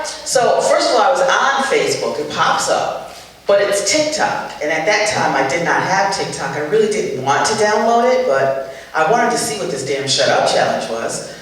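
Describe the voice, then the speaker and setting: An older woman comedian doing stand-up on a charity show stage, telling stories in an animated, exasperated way with punchy asides. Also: on the low side, normal speed. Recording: echoey hall, voice far from the mic, faint ambience.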